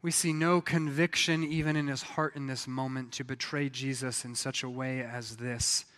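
In a large hall, a pastor with a mid-range voice preaches at normal speed. His sermon tells the story with energy, and he acts out the voices of the people involved.

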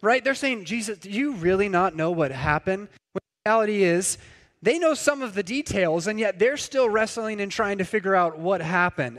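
High-voiced man preaching in reverberant hall. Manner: conversational, acts out quoted voices. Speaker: pastor. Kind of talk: sermon.

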